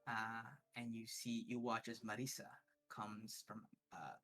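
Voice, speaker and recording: A man runs a tabletop game as game master, narrating with frequent pauses and fillers. His voice is bright and forward. Faint music plays behind him. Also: lowish voice, fairly even intonation, breathy edge, rough recording. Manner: hesitant, many fillers.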